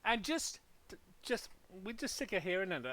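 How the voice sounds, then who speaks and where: A man's voice: high voice, very animated, moderate pace, bright, forceful tone. A man hosting a gaming channel, ranting heatedly in casual podcast talk with lots of profanity.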